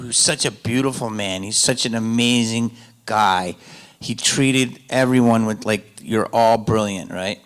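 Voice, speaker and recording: A man telling stories as a guest on a convention panel, loose and joking, going from loud asides to quiet, confiding stretches. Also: on the low side, unhurried, clear, resonant tone. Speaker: panel guest, actor and comedian.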